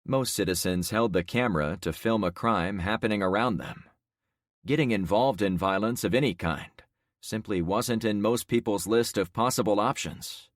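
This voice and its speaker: A man narrating a first-person audiobook with lively, dramatic storytelling. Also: on the low side, moderate pace, no echo, clean studio sound.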